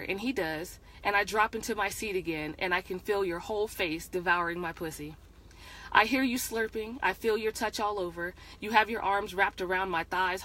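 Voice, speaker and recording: A woman reads her own erotic story aloud at a middle pitch. She often stumbles and restarts mid-sentence, then carries on reading at an unhurried, even pace. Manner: hesitant, frequent restarts while reading. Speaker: author reading her book.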